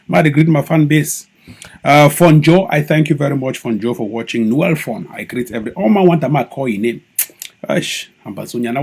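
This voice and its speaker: Cameroonian Pidgin-speaking male activist streamer, husky voice, mocking and animated. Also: mid-range voice. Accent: Cameroonian Pidgin English. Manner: animated, mocking, swings into loud mimicry. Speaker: online activist broadcaster. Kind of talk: live-stream commentary.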